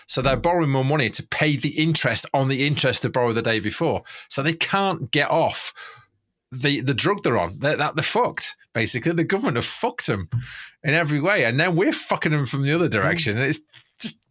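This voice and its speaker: A man co-hosting a casual podcast, talking with a bright, forceful edge. He gets excitable, swears freely and trips over restarts as he explains things. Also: medium pitch, brisk. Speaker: podcast co-host. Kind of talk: casual chat.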